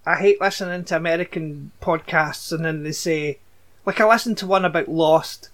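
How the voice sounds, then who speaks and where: Scottish male podcast host, high-pitched, deadpan recapper with blunt asides. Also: normal speed. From Scotland. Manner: dry, blunt, sweary asides. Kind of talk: casual podcast chat, reading plot recaps.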